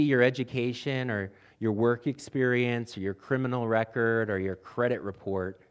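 A man preaching a sermon as pastor, building emphasis with repeated phrases and addressing the congregation directly. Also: on the low side.

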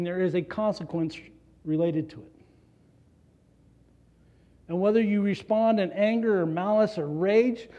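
A man's voice: high-pitched, mellow. A man preaching a conversational sermon as a pastor, earnestly putting rhetorical questions to the congregation. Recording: dull lo-fi recording.

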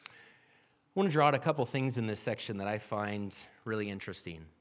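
A man's voice: lowish voice, fairly quick. Man preaching a conversational sermon. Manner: reads scripture aloud, then explains it in a conversational preaching tone. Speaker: pastor.

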